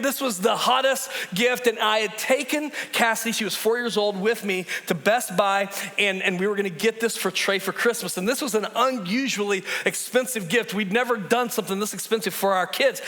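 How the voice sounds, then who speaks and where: A middle-aged man preaching a sermon as pastor in a church, telling stories with lively swings between loud bursts and hushed, slow drops, often repeating words as he builds. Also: high-pitched. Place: church sanctuary. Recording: long reverb of a large hall.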